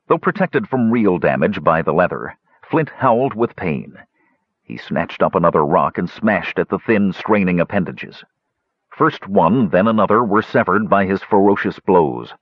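A man reading a fantasy adventure aloud in steady, measured scripted narration. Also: low-pitched, no room sound. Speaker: audiobook narrator. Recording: dull, dry lo-fi recording.

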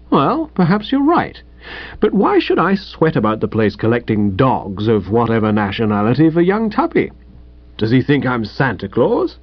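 A man narrating a comic first-person audiobook in a brisk, chatty way. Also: medium pitch, very animated, no room sound, dull audio.

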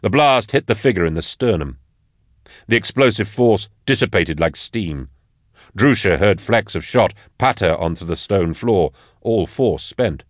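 A man reading a dark novel aloud as an audiobook narrator, measured and even. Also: on the low side, dry recording, clean studio sound. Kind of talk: scripted narration.

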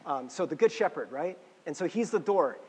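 Male pastor, conversational sermon, high voice, long church-hall reverb. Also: moderate pace, slightly rough. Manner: conversational, animated, many restarts and fillers.

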